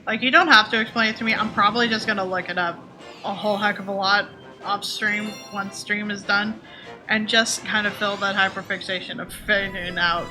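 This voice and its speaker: A woman's voice: medium pitch, fairly even intonation, brisk, music in the background. A woman game streamer chatting casually and answering her viewers by name. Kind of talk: casual chat while streaming.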